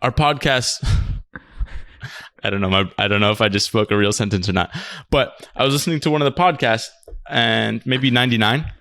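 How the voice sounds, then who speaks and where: A man's voice: medium pitch, moderate pace, pushed and bright, dry recording, clean studio sound. A man co-hosting a podcast in casual chat, laid-back and swearing freely as he laughs along. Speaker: podcast co-host. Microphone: remote podcast recording.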